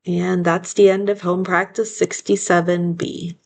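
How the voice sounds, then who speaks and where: A woman teaching a spelling lesson, sounding out words slowly and patiently one syllable at a time. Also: lowish voice, little pitch movement, gravelly.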